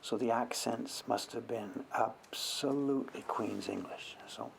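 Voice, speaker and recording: A man's voice: medium pitch, unhurried, vocal fry, noisy background. An older man from Canada chatting casually on a livestream, rambling as he works on a carving. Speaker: woodblock printmaker streaming live.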